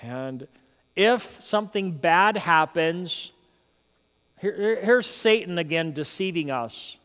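A man with a high voice preaches a sermon from the pulpit, pushing hard on his emphatic points and then dropping to low, wry asides. The sound carries the long reverb of a large hall. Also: takes it slowly, clear, resonant tone. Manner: animated preaching, swings between loud emphasis and quiet asides. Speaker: pastor.

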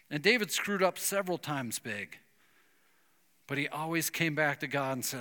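A man preaching a sermon, retelling a Bible story with lively acted-out dialogue. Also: fairly high pitch, moderate pace, big-room sound. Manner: animated storytelling, acting out biblical dialogue. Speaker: pastor.

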